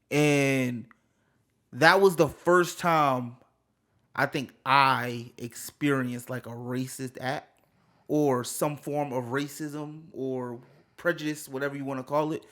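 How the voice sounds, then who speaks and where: A young man co-hosting a podcast, talking casually and animatedly, with loud bursts and laughs. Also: medium pitch. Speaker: podcast co-host. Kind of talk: casual chat.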